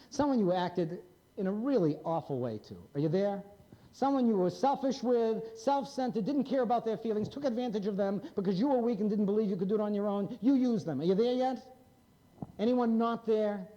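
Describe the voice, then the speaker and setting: A man's voice: high voice, mellow, muffled recording. A man in his fifties, a psychiatrist, giving a blunt, wry lecture to a live audience and prodding them with questions. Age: 50s.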